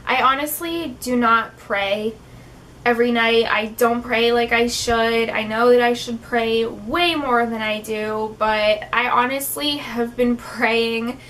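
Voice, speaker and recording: Slow heartfelt young woman vlogger. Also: fairly high pitch, fairly even intonation, a bit bright. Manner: heartfelt, tearful at times, many fillers like "um" and "like". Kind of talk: emotional personal vlog talk.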